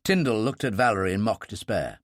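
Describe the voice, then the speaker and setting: A man giving scripted audiobook narration in a calm, understated manner. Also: fairly low pitch, a little fast, no echo, clean studio sound.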